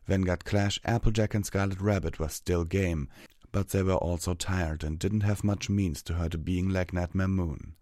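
A man reading a fantasy story aloud as narrator, steady and measured. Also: sits low, no echo, clean studio sound.

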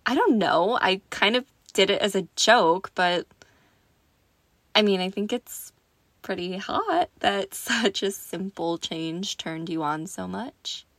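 A woman in a slow, intimate audio role-play, teasing and sultry. She often sinks into a soft whisper close to the mic. The sound is dry, with no room behind it. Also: medium pitch, animated, no echo.

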